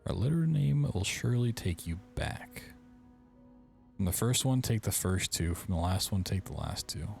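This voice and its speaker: A man's voice: deep voice, expressive, normal speed, vocal fry, a little mellow, soft background music. A man hosting a game playthrough, reading in-game letters aloud and breaking off with wry, joking asides. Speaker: gaming video host.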